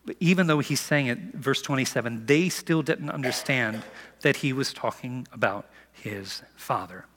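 A man preaching a sermon as pastor, animated and conversational, acting out the lines he quotes. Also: medium pitch, moderate pace, long reverb tail, a little hiss or hum.

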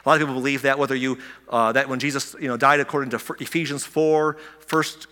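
A man preaching a sermon in a church, eager and excitable, often restarting his words and asking the listeners rhetorical questions. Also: mid-range voice, quick pace. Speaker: pastor. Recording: long hall reverb.

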